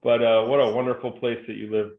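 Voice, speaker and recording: A man's voice: mid-range voice, level tone, fast talker. A man from New Jersey, a guest speaker telling jokes and stories in a chatty, upbeat interview. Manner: joking storyteller, upbeat and chatty. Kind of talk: conversational interview. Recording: tinny phone-like video call audio, roomy.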